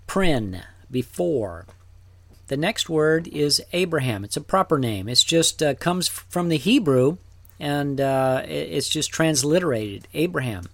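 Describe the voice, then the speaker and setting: A man teaching a recorded Greek lesson, talking slowly and deliberately, with fillers and restarts. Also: on the high side, animated, creaky, fairly bright tone, no room sound.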